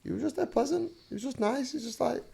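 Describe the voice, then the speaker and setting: A man's voice: very high-pitched, lively intonation, fast, gravelly, crowd noise. A man, a fighter talking casually and earnestly on a podcast, swearing freely and repeating himself. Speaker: fighter guest.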